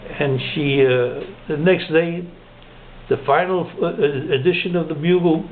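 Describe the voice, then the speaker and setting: A man telling a long shaggy-dog joke, chuckling at his own punchlines and slowing down to deliver them. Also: a little high, slight background noise. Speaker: joke teller. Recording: narrow phone-like sound.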